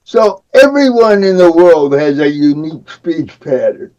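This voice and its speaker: An older man with a Midwestern accent and speech shaped by cerebral palsy, talking as a guest on a podcast interview in a slow, deliberate, wry way. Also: fairly high pitch, big pitch swings, a little mellow, highs cut off. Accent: Midwestern American. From American Midwest. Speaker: guest, disability advocate.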